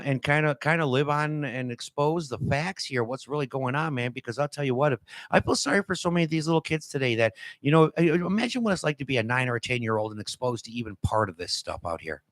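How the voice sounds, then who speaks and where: A man in his fifties from Detroit hosts an open-chat talk show. He rambles in a folksy way, restarting sentences and leaning on "you know". His voice sits at a middle pitch and sounds dry and close. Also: no room sound. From Detroit, USA. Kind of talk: casual opinion chat.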